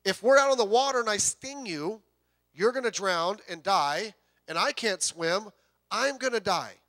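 A crafty male scorpion from a fable, smooth-talking and coaxing, then cold and matter-of-fact, as a preacher puts him on. His voice stays bright and fairly high, with no warmth behind the promises. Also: animated, normal speed.

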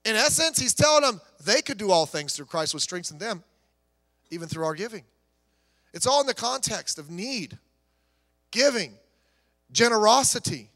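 A male pastor delivering a sermon, swinging between emphatic declarations and soft, conversational storytelling. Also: high-pitched, very animated, normal speed, pauses often, big-room sound.

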